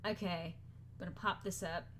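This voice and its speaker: A woman's voice: lowish voice, steady tone, normal speed, background noise. A woman streamer in casual, playful chat with friends during an art stream, laughing often and swearing freely.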